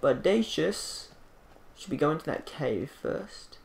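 Excitable, slow-talking gaming man. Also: medium pitch, background noise. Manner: excitable, jokey, with loud bursts. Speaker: gaming channel host. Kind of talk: casual gameplay commentary. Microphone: desk microphone.

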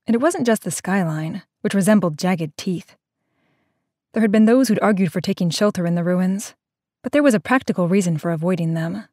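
A woman narrating an audio drama in a slow, measured storytelling manner. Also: mid-range voice, darkish tone, no echo, clean studio sound.

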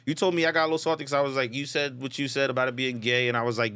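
A man's voice: medium pitch, steady tone, rapid-fire, hardly any pauses, bright, forceful tone, clean tone. A man co-hosting a comedy podcast, insisting on his version of events and defending himself in a casual argument. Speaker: podcast co-host.

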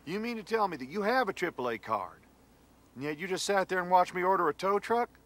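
An actor playing a dry, sarcastic fiancé on a road trip who bursts into yelling. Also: male voice, high-pitched, animated, brisk. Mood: incredulous. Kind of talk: comedy sketch acting.

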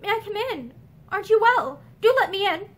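A woman reading the lines of a steady young woman who coaxes softly. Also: very high-pitched, fairly quick, pitched above the performer's own voice. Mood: concerned. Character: steady, kindly young woman, gently concerned.

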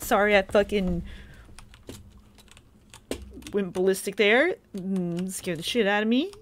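A woman's voice: mid-range voice, normal speed, slight background noise. A woman giving casual, sweary gameplay commentary, chatting to her viewers and jumping at scares. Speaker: gaming video creator.

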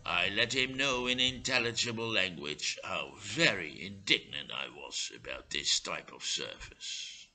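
A man reading a humorous short story aloud in a measured, dryly comic way. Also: low voice, animated, creaky, bright, forceful tone, low-quality recording. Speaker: storyteller and English teacher.

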